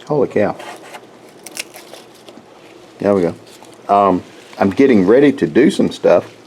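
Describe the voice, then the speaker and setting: A man with a somewhat low voice talks very slowly and casually outdoors in his garden. He rambles in a folksy way and keeps restarting and repeating words. A faint hiss sits under his voice. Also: lively intonation, warm tone, poor audio. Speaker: homestead vlogger. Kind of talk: casual walk-through chat.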